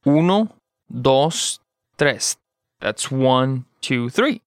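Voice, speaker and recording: A man from Mexico co-hosting a Spanish lesson, speaking slowly and unhurried. His voice is smooth and clear, and he drops dry jokes between the words he models. The recording is dry and close. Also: mid-range voice, lively intonation, no room sound. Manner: joking, dry asides. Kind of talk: conversational language lesson.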